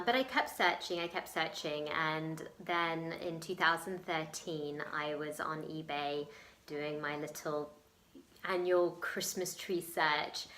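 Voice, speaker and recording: A woman's voice: sits low, fairly bright tone, reverberant. An English woman telling a personal story in a chatty, emotional way, with many ums and laughs. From England. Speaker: vlogger. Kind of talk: casual storytelling vlog.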